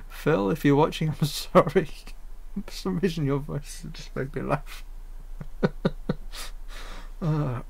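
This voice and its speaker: A man's voice: on the high side, very slow, vocal fry, pauses often, breathy edge. A man rambling casually with frequent fillers while he edits his own animation at a home computer. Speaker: animator editing his own fan series. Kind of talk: casual editing commentary.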